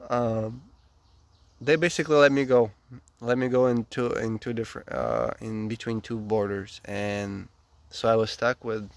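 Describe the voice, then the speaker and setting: A man's voice: a little slow, dry recording. A young man telling a story casually and animatedly, acting out the dialogue. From Ukraine. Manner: animated, acts out dialogue with rising pitch. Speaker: vlogger.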